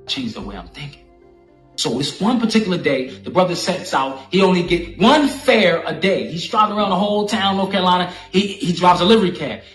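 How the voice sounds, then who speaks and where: A man telling a story in animated, slangy, profane street talk. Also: fairly high pitch. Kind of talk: casual storytelling monologue. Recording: echoey room with faint music.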